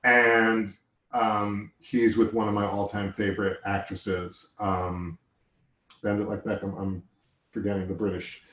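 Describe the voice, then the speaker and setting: A man's voice: on the low side, little pitch movement, unhurried, fairly bright tone, a little hiss or hum. A man chatting casually and enthusiastically, rambling between thoughts and joking about himself. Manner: enthusiastic, rambling, self-deprecating. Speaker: conversation partner. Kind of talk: casual chat. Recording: roomy echo.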